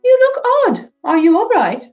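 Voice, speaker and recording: A woman voicing a fussy, anxious little mother in a storybook reading, her voice high and quavering, over faint music. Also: wildly swooping pitch, moderate pace, muffled recording, heavily acted. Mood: fussing. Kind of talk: storybook read-aloud.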